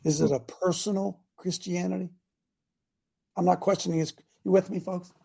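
A man hosting a call-in talk show who preaches and builds up to shouting. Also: high voice, steady tone, moderate pace, gravelly, husky. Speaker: show host.

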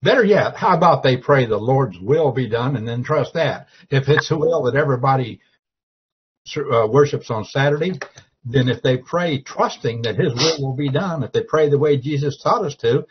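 A man's voice: mid-range voice, animated, moderate pace, noisy background. A man on a Christian talk show making his point in an earnest, homespun way. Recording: dull lo-fi broadcast audio.

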